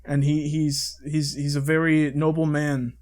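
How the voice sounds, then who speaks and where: A man's voice: on the high side, monotone, unhurried, a little mellow. A young man co-hosting a podcast, chatting casually and rambling with casual swearing and frequent laughs. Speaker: podcast co-host. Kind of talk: casual chat.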